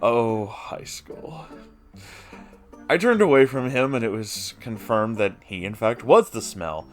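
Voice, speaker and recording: A man's voice: mid-range voice, lively intonation, slow, faint music behind. A man reading a first-person story aloud, breaking in with wry, swearing side comments. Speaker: story reader.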